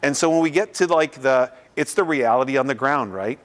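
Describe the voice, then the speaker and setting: A man talks loosely and conversationally to a room as a visiting artist. He speaks in a mid-range voice, casual and unscripted, with quick asides. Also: medium pitch, fairly bright tone. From Canada. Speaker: visiting artist giving a lecture. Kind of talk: casual lecture and Q&A. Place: lecture room.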